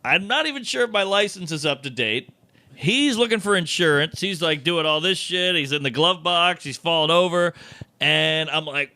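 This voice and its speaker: Comedian guy spinning a story, bright forceful voice, pretty high, dry sound. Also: fairly quick, no echo. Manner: animated storyteller acting out quoted voices.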